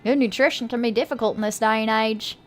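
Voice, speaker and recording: A woman's voice: a little high, fairly even intonation, quick pace, lightly acted. A woman voicing an injured man with a broken leg who states his troubles in a dry, matter-of-fact way. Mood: wry.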